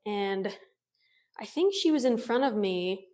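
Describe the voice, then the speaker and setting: Animated woman telling a story, laughing. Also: mid-range voice, takes it slowly. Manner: animated, laughs often, many "like" fillers. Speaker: podcast guest, thru-hiker. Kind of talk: casual storytelling.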